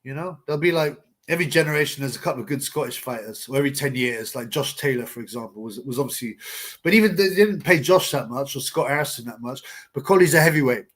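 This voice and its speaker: A man's voice: medium pitch, lively intonation, quick pace, a bit bright. A man hosting a casual live boxing chat, rambling and blunt with slang. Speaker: livestream host.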